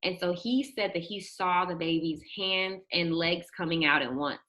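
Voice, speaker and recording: A young woman telling a personal story in an animated way, acting out the quotes and shrieking at the high points. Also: normal speed. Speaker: guest telling her birth story.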